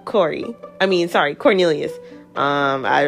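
Chatty woman podcast host, lowish voice. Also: moderate pace, music in the background. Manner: chatty and animated, laughs often, acts out quotes. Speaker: podcast host reviewing a reality show. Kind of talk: casual recap commentary.

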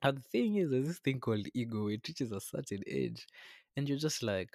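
A man's voice: medium pitch, sing-song, moderate pace, vocal fry, a little mellow, no echo, studio quality. A man hosting a podcast, talking earnestly and a little preachily, often calling the listener man or brother. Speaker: podcast host. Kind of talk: reflective podcast monologue. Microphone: podcast microphone.

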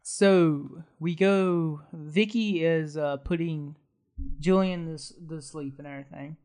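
A man's voice: a little high, slow, a little mellow, clear, resonant tone. A man retelling a film's story in a loose, rambling way. He fills his sentences with hesitant fillers and laughs often as he goes. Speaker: podcast co-host. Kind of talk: casual movie recap.

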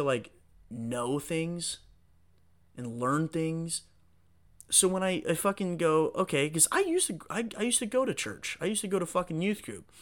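A man hosting a solo podcast, talking in a rambling, profane, excitable way. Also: a little high. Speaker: podcast host.

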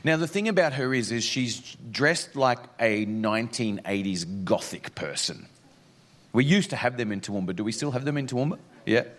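A man's voice: mid-range voice, lively intonation, normal speed. A male pastor with an Australian accent, praying and then telling a story in a chatty, joking sermon with many fillers.

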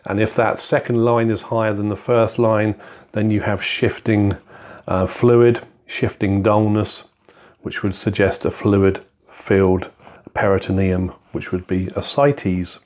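A man's voice: fairly low pitch, level tone, a little slow, a little mellow. A man talking through a clinical examination step by step, in a methodical, instructive way with frequent fillers. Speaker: clinical skills teacher. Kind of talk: spoken medical teaching walkthrough. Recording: dull, slightly lo-fi sound.

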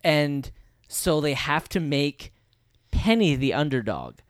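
A man's voice: a little high, slow pace, no room sound, clean studio sound. Enthusiastic man, casual podcast chat. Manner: enthusiastic, swears casually, gets loud when excited. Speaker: podcast co-host.

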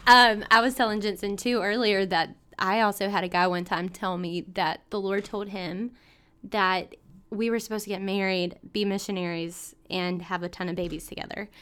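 A woman's voice: medium pitch, steady tone, moderate pace, a bit bright, smooth. A woman co-hosting a podcast in casual chat, playful and teasing as she asks questions. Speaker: podcast co-host.

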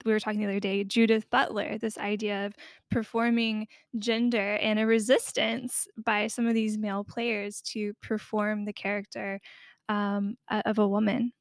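A woman co-hosting a podcast, talking through a game's history in a thoughtful, scholarly way with quick asides. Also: mid-range voice, level tone, no room sound, clean studio sound. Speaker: podcast co-host. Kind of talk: casual discussion.

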